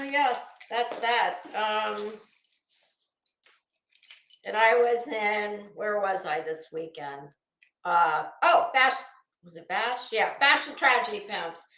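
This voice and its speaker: A woman's voice: on the high side, pushed and bright, echoey room. A woman hosting a casual live stream, greeting viewers by name and swearing freely. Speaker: livestream host.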